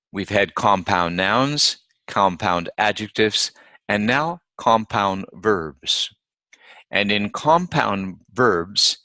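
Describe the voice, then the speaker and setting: A male teacher giving a pronunciation lesson, speaking deliberately and repeating each example word. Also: deep voice, pushed and bright, no echo. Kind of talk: instructional lesson.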